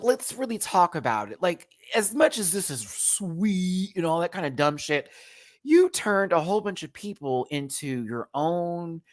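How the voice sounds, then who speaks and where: Very deep-voiced, animated woman ranting. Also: no room sound. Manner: animated and expressive, laughs often, swears. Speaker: host of a live recap show. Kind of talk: casual ranting commentary.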